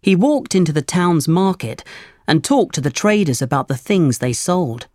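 A narrator giving a measured, clear reading of a chapter book. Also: medium pitch, animated, darkish tone, no echo, studio quality. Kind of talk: storybook reading.

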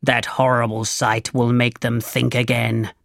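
Reader playing a commanding bandit chief in a storybook, stern and gravelly, slow. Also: mid-range voice, level tone, fairly bright tone, no room sound, clean studio sound, voice pushed down. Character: angry commanding male leader of a band of thieves. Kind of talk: storybook reading.

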